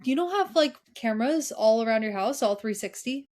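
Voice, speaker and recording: Higher-voiced woman reacting in casual chat. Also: animated, a little mellow. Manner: reactive listener, quick questions and short reactions. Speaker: podcast co-host.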